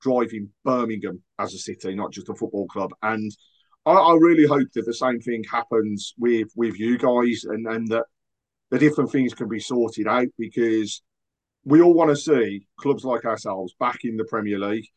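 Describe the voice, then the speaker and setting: A man's voice: medium pitch, moderate pace. A man guesting on a football podcast, earnest and agreeable in casual chat.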